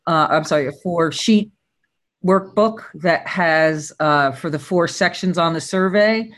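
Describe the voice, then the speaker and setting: A man making a quick comment in an online meeting, with many fillers and restarts, over a video call. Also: fairly high pitch, a bit bright. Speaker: meeting participant.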